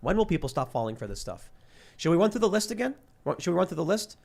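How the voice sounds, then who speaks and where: A man's voice: high voice, fast talker, vocal fry. A man hosting a podcast panel, talking casually and jokingly and reading news stories aloud. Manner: animated, jokey, reads news stories aloud. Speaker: podcast host.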